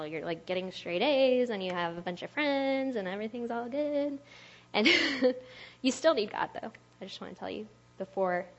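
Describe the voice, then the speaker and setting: A woman giving a casual, conversational sermon to a youth group, chatty and quick to laugh, with lots of "like" in her speech. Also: medium pitch, lo-fi sound. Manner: chatty, laughs often, uses "like" a lot. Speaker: speaker at a church youth talk.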